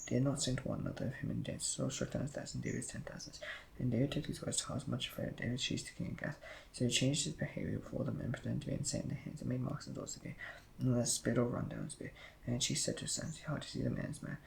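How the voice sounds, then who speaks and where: A man reading scripture aloud in a rushed way, with slips and restarts. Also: medium pitch, lively intonation, gravelly, darkish tone, slight background noise, low-quality recording. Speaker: Bible reader.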